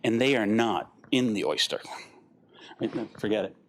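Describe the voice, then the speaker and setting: Animated older man giving a talk. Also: on the low side, moderate pace. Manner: animated, rambling storyteller acting out quoted voices. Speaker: guest speaker. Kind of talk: conference talk.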